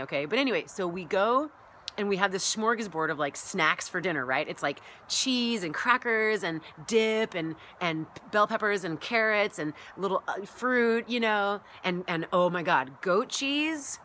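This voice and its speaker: This chatty woman, a massage therapist and wellness coach, rambles through a casual vlog, animatedly replaying her past thoughts and sprinkling in plenty of "like" and "you know." Her lowish voice comes across bright and forceful, with a little hiss or hum on the recording.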